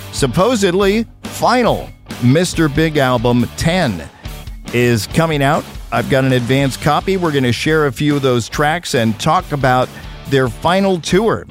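A man hosting a rock podcast, chatting and interviewing in an upbeat, promotional way. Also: on the high side. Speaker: podcast host. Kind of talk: casual radio-style interview.

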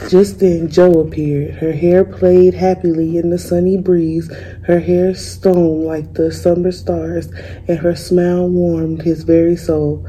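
Brief: young female student, picture-book read-aloud, gentle pace, low-ish warm voice. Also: little pitch movement, a little hiss or hum, poor audio. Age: young adult. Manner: gentle, unhurried reading with small slips.

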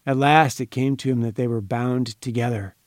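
A man narrating a pulp crime story in a measured, dramatic way. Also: medium pitch, fairly even intonation, dry recording, studio quality.

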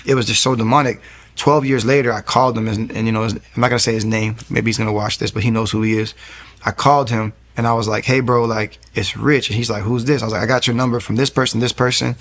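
A man's voice: medium pitch, fairly even intonation, fast talker, a bit bright. A man in his thirties, a young pastor, giving an earnest, storytelling faith testimony in an interview, often restarting his sentences. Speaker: interview guest.

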